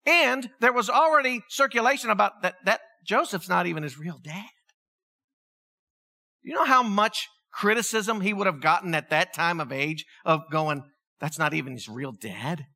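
A middle-aged man, preaching a sermon in a conversational, animated storytelling way. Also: high voice, normal speed. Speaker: pastor.

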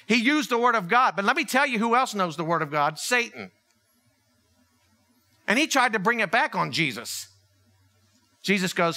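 A man preaching a sermon as pastor, conversational and animated, acting out little dialogues. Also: sits high, normal speed, long pauses.

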